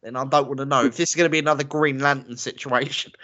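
A man's voice: mid-range voice, fairly even intonation, fast, sharp tone. A man co-hosting a casual chat, opinionated and ranting, laughing often. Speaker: podcast co-host. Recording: lo-fi muffled audio.

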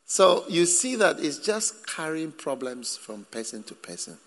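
Man, preacher, slow sermon delivery, gravelly bright voice, long hall reverb. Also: a little high. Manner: lively, joking with the congregation. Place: church hall.

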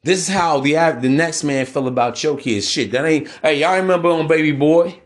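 A man's voice: fairly high pitch, a little fast. A man hosting a podcast in a casual monologue, talking bluntly with profanity and a preachy edge. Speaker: podcast host.

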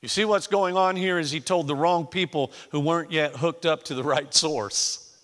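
A male pastor preaching with a bright, forceful tone and a fairly high voice. He drops to a near-whisper and then climbs to emphatic, raised lines. The sound has a long reverb from a large church hall. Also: normal speed. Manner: emphatic preaching that swings from hushed to shouted. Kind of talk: sermon.

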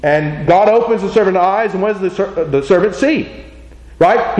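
A man with a high voice delivers a teaching sermon in a casual, conversational manner. He often asks rhetorical questions and tags on "right?" as he goes. The sound bounces around a reverberant room. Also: normal speed, darkish tone. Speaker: preacher. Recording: echoey room.

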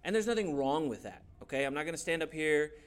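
A man teaching a church youth class in a playful, animated way, often laughing and acting out quick voices. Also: fairly high pitch. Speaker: youth pastor.

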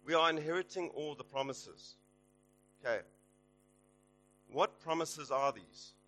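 A man preaching a sermon with a bright, forceful voice pitched a little high. He exhorts his listeners, rising louder on key points. Faint guitar music plays behind him. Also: unhurried, low-quality recording. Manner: animated, exhorting, rises loud on promises.

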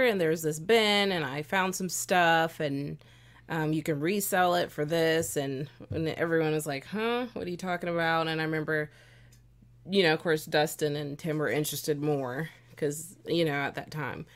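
A woman, the host's wife, talking casually and telling a relaxed story with light teasing. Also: low voice, normal speed. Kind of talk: casual chat.

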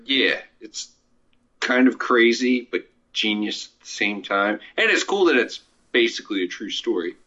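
A man's voice: medium pitch, animated, normal speed, pushed and bright. A man co-hosting a podcast, talking casually about films in a rambling way, with lots of fillers. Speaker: podcast co-host. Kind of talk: casual movie chat. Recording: dull lo-fi sound.

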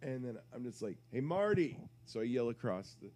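A man's voice: mid-range voice, steady tone, quick pace, dark tone. A man on a podcast, telling a rambling, crude story in casual chat and interrupting himself as he goes. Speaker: podcast co-host.

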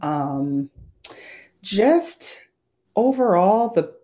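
A woman co-hosting a podcast, chatting in a relaxed, easygoing way and laughing easily. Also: mid-range voice, extremely slow. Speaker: podcast co-host. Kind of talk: casual chat.

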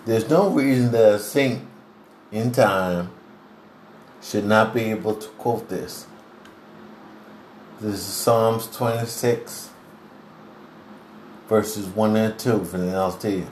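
A man with a lowish voice preaches a devotional sermon, taking his time over every phrase. He speaks earnestly and deliberately and clears his throat now and then. The recording sounds roomy, with a faint hiss behind him. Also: darkish tone.

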